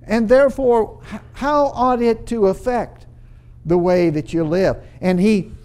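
A man with a high voice delivers a sermon, walking his listeners through scripture in an earnest, explanatory way. He drives points home by repeating phrases, and his delivery has small stumbles and restarts. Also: unhurried, warm tone, clean tone. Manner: earnest expository preaching with emphatic repeated phrases. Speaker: preacher.

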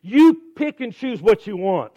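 A middle-aged man preaching a sermon at a church service, emphatic, slowing down to stress key phrases and repeating words as he starts a thought. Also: high-pitched, sing-song, highs cut off. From California.

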